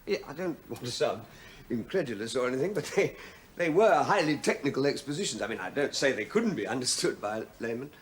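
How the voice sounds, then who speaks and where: A man's voice: medium pitch, expressive, natural voice. A man playing a rambling, weary professor. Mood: flustered. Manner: halting, rambling, defensive. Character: weary middle-aged male cold-cure professor, stubborn. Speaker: research scientist. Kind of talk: 1980s television drama.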